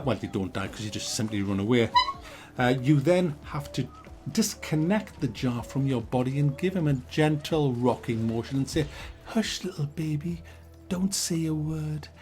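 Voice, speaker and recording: A man's voice: mid-range voice, darkish tone. A man in his forties giving a mock-serious, sarcastic and sweary game review.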